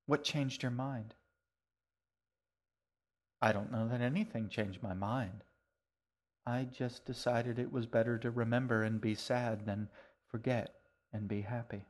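Calm man narrating a story. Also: mid-range voice, unhurried, long pauses. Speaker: author and narrator. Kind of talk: scripted narration.

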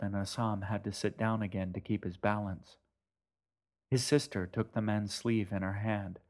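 A man narrating a story in a calm, measured way. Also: on the low side. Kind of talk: scripted narration.

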